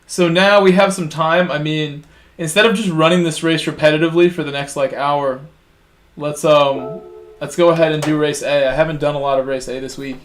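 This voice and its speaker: A man's voice: fairly high pitch, fairly even intonation, fairly quick. A man streaming a racing game, chatting casually and encouraging his viewers. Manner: chatty, encouraging, talks to chat. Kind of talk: casual live-stream chat. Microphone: gaming headset. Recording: roomy sound with faint music.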